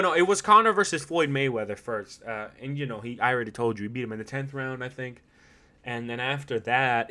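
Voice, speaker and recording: A man hosting a solo podcast, talking in an animated, swearing, laugh-filled way that swings between loud outbursts and low asides. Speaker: podcast host.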